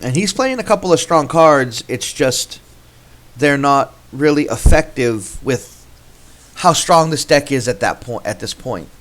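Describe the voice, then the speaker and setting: A man's voice: mid-range voice, lively intonation, a little slow, fairly bright tone, a little hiss or hum. A man hosting a gameplay video, casually commentating his card game and thinking aloud with frequent restarts.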